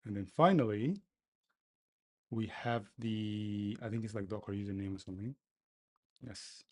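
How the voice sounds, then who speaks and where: A man talking to himself as he codes, complaining loudly, then explaining each step casually. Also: fairly low pitch, unhurried. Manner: exasperated, talks to himself while coding. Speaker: developer livestreaming his coding. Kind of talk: casual coding commentary.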